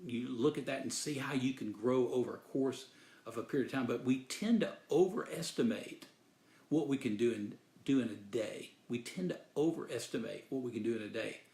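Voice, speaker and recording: A man's voice: mid-range voice, fairly quick, vocal fry, dark tone, reverberant. A man giving an earnest, sermon-style motivational talk, telling a story and repeating phrases for emphasis. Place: Dallas, Texas.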